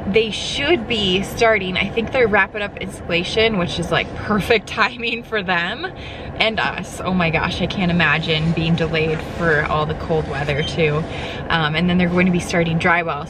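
A vlogger in her thirties chats casually to her camera, rambling a little and laughing now and then while out of breath. Her voice is fairly low and the background is noisy. She starts at home, then moves to a car and out into the cold.

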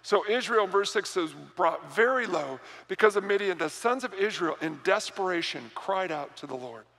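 A man preaching a sermon as pastor, animated and repeating words as he builds to a point. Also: high voice, normal speed. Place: church sanctuary. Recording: reverberant church hall.

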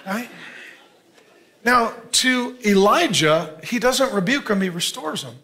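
A man in his fifties preaching a sermon as a pastor, conversational, dropping to a near hush for emphasis. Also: sits high, animated, measured pace. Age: 50s.

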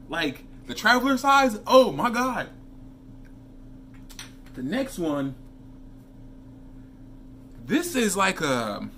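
A man's voice: on the high side, slight background noise. Chatty man reviewing fragrances. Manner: chatty, animated storytelling with asides to viewers. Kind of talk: casual vlog review.

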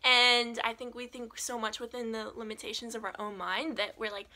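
A young woman telling a personal faith story as a vlogger, earnest and animated, with lots of "like". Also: a little high, normal speed, hardly any pauses. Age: young adult. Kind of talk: personal testimony.

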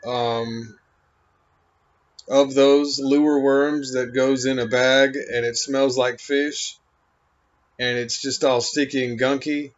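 Man, unhurried, drifting monologue thick with fillers; mid pitch; dull lo-fi sound. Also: little pitch movement. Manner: halting, meandering, full of "you know" and "um". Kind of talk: rambling stream-of-consciousness monologue. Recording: dull lo-fi recording.

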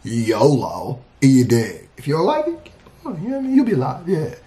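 Animated, slangy man in an echoey room. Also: mid-range voice, normal speed. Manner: animated, slangy, loose and talkative. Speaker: music reaction host. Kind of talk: casual commentary breaking down rap lyrics.

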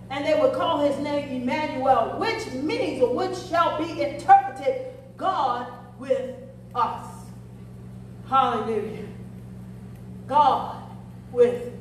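A woman pastor with a high, ringing voice preaches a sermon. She falls into a rhythmic, half-sung cadence and tags almost every line with a questioning "huh?". The recording is heavily echoey, as if caught from far back in the sanctuary. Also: slight background noise. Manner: chanting, half-sung cadence when climaxing. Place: church.

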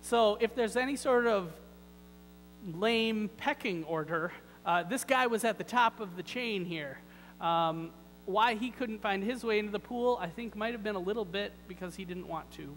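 A man's voice: sits high, moderate pace, a bit bright, big-room sound, slight background noise, low-quality recording. A man preaching a sermon in a church, talking in a conversational, wry way with many rhetorical questions. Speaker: pastor. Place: church sanctuary.

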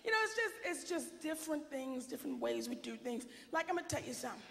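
A woman performing a stand-up comedy set, bold and sassy, shouting out her punchlines. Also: high-pitched, sing-song, fast talker, long reverb tail.

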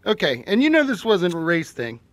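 A man's voice: high voice, huge pitch swings, a little fast. A man acting as an erratic robber who swings between threats and apologies in a comedy sketch. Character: erratic jittery male robber, menacing yet apologetic.

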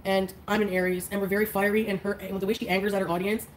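A woman's voice: medium pitch, level tone, racing, slight background noise, poor audio. Drowsy, congested woman rambling on a livestream. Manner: rambling with constant fillers and laughs. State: congested and drowsy from flu medicine. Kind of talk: casual livestream chat. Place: bedroom.

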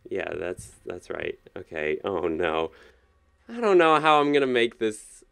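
A man hosting a video game commentary, excitable, swinging between yelling and pleading and quiet muttering. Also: low-pitched, a little slow, gravelly, smooth. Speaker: gaming video host.

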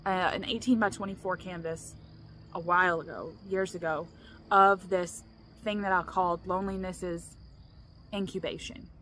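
A woman's voice: fairly low pitch, steady tone, moderate pace, fairly bright tone. A woman vlogging in a casual, earnest, rambling way, restarting her sentences, with faint noise behind her. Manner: rambling and earnest, restarts often, laughs between thoughts. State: emotional, choked up. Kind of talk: casual vlog talk.

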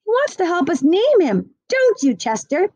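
A woman's voice: very high-pitched, sing-song, normal speed, a little mellow, no echo, lo-fi sound, voice pushed up. A woman doing an eager, pleading young boy.

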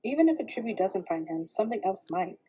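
Husky, dark-voiced woman reading a novel. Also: mid-range voice, fast, low-quality recording. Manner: steady first-person narration. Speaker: reader.

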